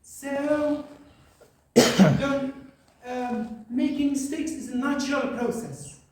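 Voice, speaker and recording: An English teacher from Algeria, with an extremely high-pitched voice, gives a classroom lesson. He's captured from far off in an echoey room. His speech is halting and filler-laden, with frequent "right?" check-ins.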